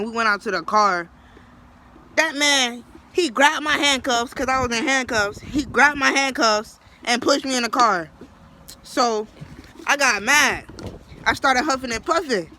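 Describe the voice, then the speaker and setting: A man's voice: very high voice, slight background noise, poor audio. A man telling a personal story in a casual, slangy, rambling way. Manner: slangy, rambling, animated retelling with acted quotes.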